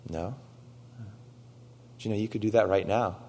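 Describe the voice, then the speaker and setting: A man's voice: lowish voice, unhurried, a little mellow, slightly rough. A man preaching a sermon, telling a story with quoted dialogue and building to emphatic exhortation. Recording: long hall reverb.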